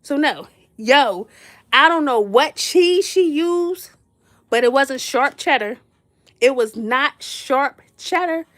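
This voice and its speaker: A woman's voice: sits high, lively intonation, slow, a bit bright. A woman telling a funny personal story in a casual, slangy way, laughing often and teasing playfully. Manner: slangy, chatty, addresses listeners directly.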